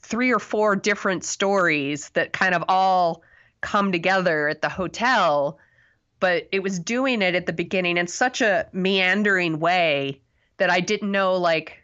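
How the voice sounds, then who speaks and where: On a lo-fi recording, a woman with a low-leaning, slightly bright voice speaks unhurriedly. She's co-hosting a podcast and chatting loosely about a movie review, rambling with lots of fillers and self-deprecating laughs.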